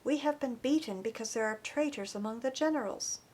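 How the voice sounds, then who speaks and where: A woman voicing weary retreating male soldiers who share a low confidence in an audiobook. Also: a little fast, a little mellow, slightly rough. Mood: confiding.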